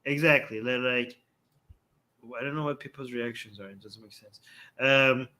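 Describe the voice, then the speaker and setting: Bright-voiced man from Iran. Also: mid-range voice, moderate pace. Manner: animated storytelling, laughs often, acts out quoted voices. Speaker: co-host. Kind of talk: casual live-stream chat.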